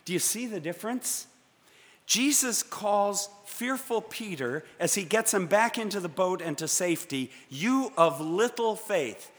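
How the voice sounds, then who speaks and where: A man preaching a sermon from the pulpit, measured and dramatic, with pauses for effect. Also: sits high, lively intonation. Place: church sanctuary. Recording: long church reverb.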